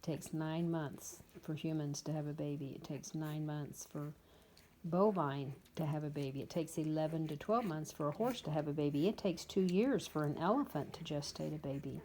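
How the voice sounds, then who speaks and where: A dog breeder in her fifties chats casually and bluntly about her puppies at her kennel in a vlog, tossing in exasperated asides. Her voice is deep and warm at normal speed, with a little hiss or hum in the recording.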